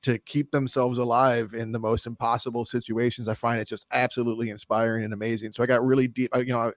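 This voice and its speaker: A man's voice: mid-range voice, little pitch movement, quick pace, no echo. Rambling, cussing guy in a dry booth. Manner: rambling, profane, laughs often. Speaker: podcast co-host. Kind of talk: casual movie chat.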